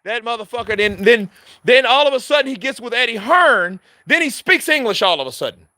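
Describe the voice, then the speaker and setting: A male boxing commentator chatting casually, animated and profane, laughing often and addressing his viewers directly. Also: very high-pitched, brisk, no echo, clean studio sound. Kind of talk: casual chat.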